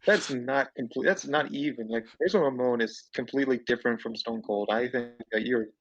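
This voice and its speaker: A man pushes his side of a casual podcast debate, insistent and rambling. He sits back from the mic, and the sound is dull and muffled. His pitch sits mid-range. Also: a little fast, distant mic. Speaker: co-host debating wrestlers.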